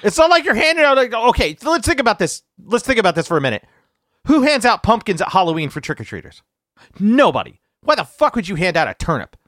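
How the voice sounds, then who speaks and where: Male co-host, high voice with huge swings, swears in disbelief, dry close sound. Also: sing-song, fast talker, a bit bright, no echo. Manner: incredulous, swearing, laughing often. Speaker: podcast co-host. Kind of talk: casual podcast banter.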